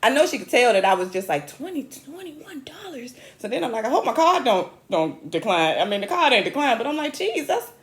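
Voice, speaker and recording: Animated woman comic, roomy echo. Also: fast talker, few pauses. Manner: animated, chatty, self-mocking with sudden high squeals. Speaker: comedian host. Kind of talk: comic storytelling monologue.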